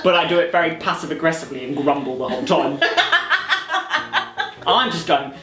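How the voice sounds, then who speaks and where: A man's voice: fairly high pitch, wildly swooping pitch, normal speed, bright, forceful tone. A man telling a storytime anecdote on his channel, laughing often and acting out what other people said. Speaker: vlogger. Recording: roomy echo with faint music.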